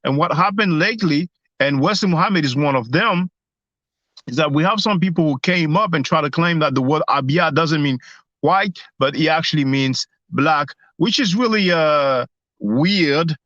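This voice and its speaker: A man's voice: on the high side, moderate pace, fairly bright tone, dry recording, lo-fi sound. A man hosting a live stream, explaining at length on his phone, hesitating often and repeating words. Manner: hesitant, many restarts and fillers. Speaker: host.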